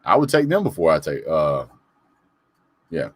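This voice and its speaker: A man's voice: extremely low pitch, big pitch swings, unhurried, husky, dry recording. A man hosting a casual live sports show, reading comments and greeting viewers by name in an opinionated, chatty way. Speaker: sports talk host reading live chat. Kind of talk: casual live call-in chat.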